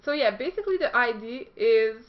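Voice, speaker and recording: A chatty woman hosts a casual news vlog with a high, light voice. She reads her notes aloud, stumbling and joking at her own expense. The recording is dull and lo-fi. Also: animated, brisk. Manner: chatty and self-deprecating, stumbles while reading. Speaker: esports news host.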